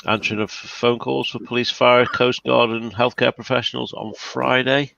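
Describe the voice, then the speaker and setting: Low gravelly bloke chatting on a stream, dull lo-fi computer mic. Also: male voice, level tone, normal speed, pushed and bright. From United Kingdom. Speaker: co-host. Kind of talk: casual chat on a livestream.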